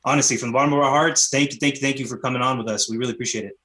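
A man co-hosting a podcast, chatting casually and warmly thanking a guest. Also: mid-range voice, fairly even intonation, racing. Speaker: podcast co-host. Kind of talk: casual chat.

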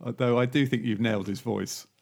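A man's voice: mid-range voice, fairly even intonation, unhurried, creaky. Chatty man, laughing often. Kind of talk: casual chat about TV.

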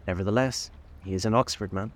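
A man reading the part of a sharp-tongued young society woman with wry, cross remarks. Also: lowish voice, quick pace, lightly acted. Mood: dry, cross.

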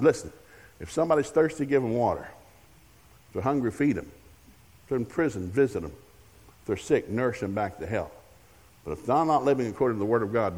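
An older man at a church pulpit tells wry parenting stories and plays both sides of the conversations. His voice sits at an average pitch. A long hall reverb trails behind every line. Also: husky. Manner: humorous storytelling with acted-out dialogue. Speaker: guest preacher. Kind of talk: sermon. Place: church sanctuary.

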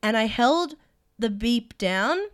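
An excitable woman co-hosting a podcast in casual chat. She talks emphatically and giggles often. Her voice sits fairly high and swings widely in pitch. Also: slow pace, dry recording, studio quality. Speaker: podcast co-host.

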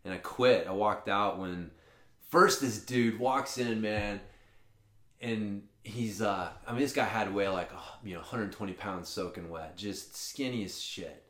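A man co-hosting a podcast, telling stories in a casual, profane, animated way. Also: on the low side, a little slow. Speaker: podcast co-host. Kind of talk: casual chat, storytelling. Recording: roomy echo.

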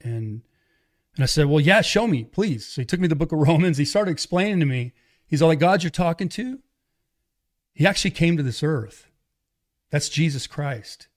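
A middle-aged man, an evangelist, telling his life story in casual conversation, animated and acting out quoted dialogue. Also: a little high, moderate pace, long pauses. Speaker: guest, evangelist and pastor.

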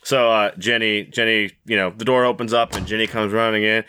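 Brief: man narrating a tabletop game as GM, bright voice, loose profane delivery. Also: on the low side, fairly even intonation, a little fast, clear, resonant tone. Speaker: game master.

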